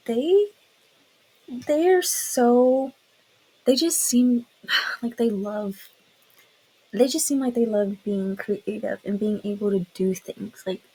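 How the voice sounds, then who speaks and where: A woman's voice: mid-range voice, darkish tone, husky, poor audio. A young woman chatting casually to camera about a perfume she loves, gushing and filling her talk with "like". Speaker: beauty vlogger.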